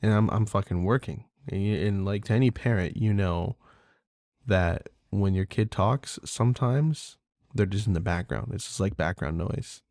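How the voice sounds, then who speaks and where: A podcast host rambles through a casual, candid monologue, swearing freely and using lots of fillers. His lowish, slightly mellow voice moves at a moderate pace, recorded at studio quality with no room sound.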